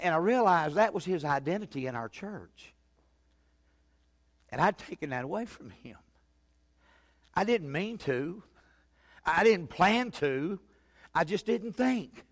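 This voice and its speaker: A fairly high-voiced man preaches in a church, telling his story with big swings between loud, urgent passages and hushed, quiet ones. His voice rings with a long reverb from the sanctuary around him. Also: lively intonation, measured pace, pauses often. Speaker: pastor. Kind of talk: sermon.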